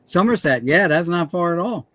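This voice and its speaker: A man's voice: high voice, expressive, normal speed, a bit bright, dry recording. A man from New Jersey hosting a livestream, rambling casually with a joking tone.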